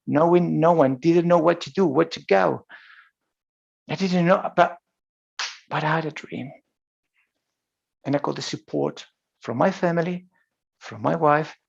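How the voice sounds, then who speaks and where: Spanish-accented male coach, gravelly, slightly high voice, lo-fi sound. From Spain. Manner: storytelling, with frequent restarts and laughs. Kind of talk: motivational talk.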